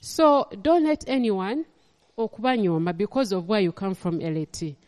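A woman's voice: mid-range voice, moderate pace, a little mellow, long reverb tail. A woman pastor with a Ugandan accent preaching a sermon, emphatic and repeating her phrases.

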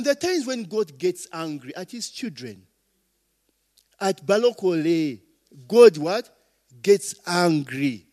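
High-voiced preacher in a hall. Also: male voice. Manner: call-and-response questions, swinging loud to soft. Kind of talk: sermon. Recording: long reverb of a hall.

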